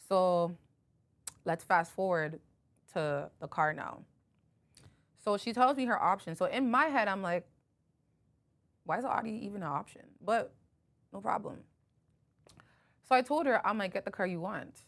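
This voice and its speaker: A woman's voice: medium pitch, normal speed, pauses often. Woman podcaster rambling through a story, says like a lot, does both sides of the convo. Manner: animated storyteller, acting out both sides of a conversation, frequent "like". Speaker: podcast host. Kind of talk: casual storytelling chat.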